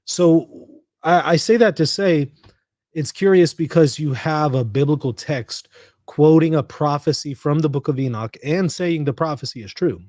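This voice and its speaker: A man's voice: on the high side, moderate pace, darkish tone, no echo, studio quality. Chatty American man hosting a livestream. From United States. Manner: conversational, reads chat comments aloud and riffs on them. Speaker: livestream host. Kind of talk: casual livestream chat.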